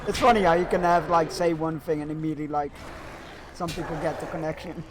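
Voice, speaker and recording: A man streams a video game and chats casually to his viewers. He rambles and uses lots of fillers, in a fairly high voice. A faint noise sits behind him. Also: fairly even intonation, fast talker. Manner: rambling and chatty, with many fillers. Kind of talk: casual chat while gaming.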